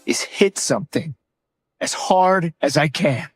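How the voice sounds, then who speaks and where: A guilty young superhero. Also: male voice, on the high side, slow pace, slightly rough, faint music behind. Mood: anguished.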